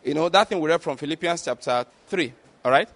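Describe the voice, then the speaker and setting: A man's voice: fast, a bit bright. A man preaching a sermon, emphatic and chuckling often, checking whether listeners get his point. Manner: acts out quoted voices in a high pitch.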